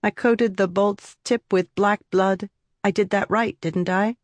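A narrator voicing a haunted young girl who speaks in a flat, cold monotone. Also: mid-range voice, measured pace, dry recording, pitched above the performer's own voice, natural voice.

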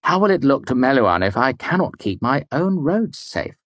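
Playing a worn-out, irritable middle-aged mayor in an audiobook, a man speaks curtly and brusquely with clear exasperation. The medium-pitched voice is very animated, fairly bright and pushed up, moving at normal speed with no echo.

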